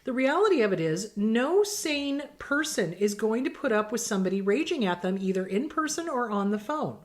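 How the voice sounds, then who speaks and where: A woman's voice: on the high side, big pitch swings, moderate pace. A middle-aged woman therapist giving blunt, emphatic advice in casual talk, acting out quoted exchanges. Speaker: therapist host answering viewer questions.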